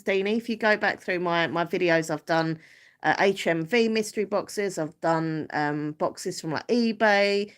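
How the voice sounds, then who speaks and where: A woman with an Essex accent hosting a casual live stream, chatty, giggly and self-deprecating. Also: fairly low pitch. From Southend-on-Sea, Essex, England.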